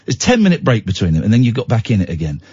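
A radio show host rambles through a self-deprecating story, restarting often, with a lively, swooping delivery and a very fast pace. His husky, slightly high voice sounds tired out, and the dry studio audio is dull and muffled with no echo.

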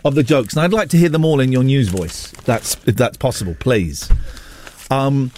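A man's voice: mid-range voice, moderate pace, darkish tone, a little hiss or hum. A man hosting a radio show in casual banter, playful and self-mocking. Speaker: radio host. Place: radio studio.

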